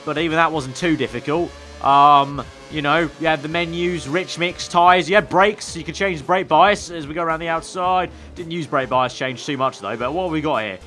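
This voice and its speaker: A man's voice: on the high side, moderate pace, few pauses, bright, forceful tone, faint music behind. A man commenting on his racing game as he plays, chatty with wry, sarcastic asides. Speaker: gaming video creator.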